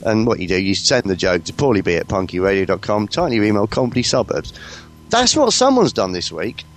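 A man's voice: lowish voice, big pitch swings, brisk. A man from the UK co-hosting a podcast, rambling in cheeky, casual comedy banter. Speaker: podcast co-host.

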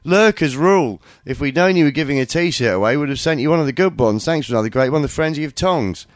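A man's voice: a little high, lively intonation, fast talker, dry recording, studio quality. A man co-hosting a podcast, sweary and mocking, a bit tipsy. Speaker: podcast co-host. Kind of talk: irreverent podcast banter.

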